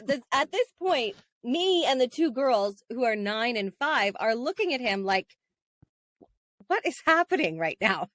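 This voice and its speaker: A woman, co-hosting a podcast as a casual, animated storyteller who laughs often. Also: fairly high pitch, a little slow, dry recording, studio quality. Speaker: podcast co-host. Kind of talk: casual chat.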